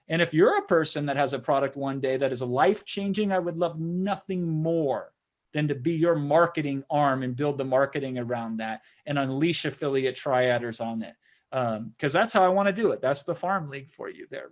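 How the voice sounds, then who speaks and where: A man hosting a sales webinar, talking persuasively in a conversational way and often tagging lines with "right?". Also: fairly high pitch. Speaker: webinar host.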